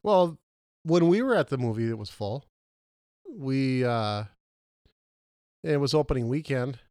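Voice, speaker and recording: A man co-hosting a casual movie podcast, questioning his partner and arguing his points with lively jumps in pitch. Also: a little slow, no echo, clean studio sound. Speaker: podcast co-host.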